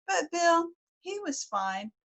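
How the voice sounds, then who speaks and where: With an extremely high, somewhat bright voice marked by vocal fry, this American woman spins a folk tale for a live audience, very animated yet slow-paced. She rambles in a folksy manner, repeating words along the way.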